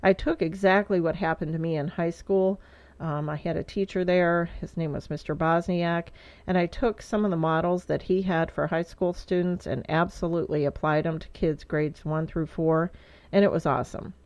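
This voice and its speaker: A woman's voice: fairly low pitch, steady tone, normal speed, a little mellow, no echo. A middle-aged woman vlogging in a casual heartfelt monologue, rambling with lots of fillers, stuffy-nosed and teary. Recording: dull lo-fi dry sound.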